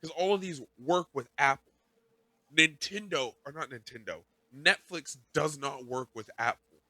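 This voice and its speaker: Bright-voiced man telling a rambling story. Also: a little high, unhurried, no echo. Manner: rambling, self-mocking storytelling with profanity. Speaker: podcast host. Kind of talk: casual chat.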